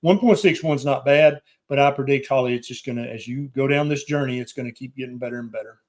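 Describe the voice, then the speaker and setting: A man hosts a live stream as a doctor. He reads viewer questions aloud and answers them plainly and directly. His voice sits at a medium pitch, and he keeps an easygoing, conversational tone. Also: fast talker, a little mellow. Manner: plain-spoken, direct, reassuring advice. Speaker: doctor hosting a live Q&A show.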